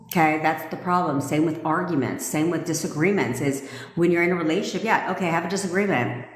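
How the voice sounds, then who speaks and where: A lower-voiced woman gives brash, profane coaching straight at her listeners. She scolds and hammers her points home. The sound bounces around a room with a long, ringing tail. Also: a little fast. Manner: brash, swearing, emphatic and scolding. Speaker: manifestation coach. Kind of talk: blunt, profane live-stream coaching rant. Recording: echoey room with long reverb.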